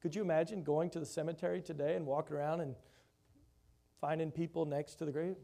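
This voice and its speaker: A man preaches fairly quickly in a slightly high, creaky voice, reading scripture aloud and explaining it with rhetorical questions. His voice surges loud for emphasis and then drops soft.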